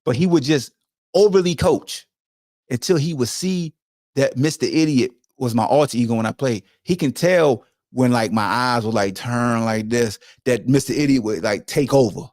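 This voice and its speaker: A man's voice: mid-range voice, moderate pace, no room sound, clean studio sound. A middle-aged man hosting a podcast, telling football stories in a blunt, profane, emphatic way. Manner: animated, profane, emphatic storytelling. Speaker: podcast host, former football player. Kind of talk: casual monologue to a co-host.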